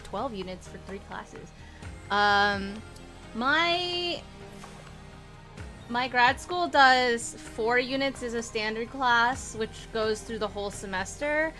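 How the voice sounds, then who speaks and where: Excitable high-voiced woman streamer. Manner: excitable, pleading, self-mocking, repeats herself. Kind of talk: casual live-stream chat during game pulls.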